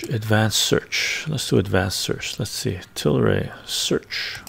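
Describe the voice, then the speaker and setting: Gravelly man muttering over stock charts. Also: fairly low pitch, slow, fairly bright tone. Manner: thinking aloud, muttering while searching charts. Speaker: finance video host. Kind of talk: casual screen-share commentary. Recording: ASMR-style close mic.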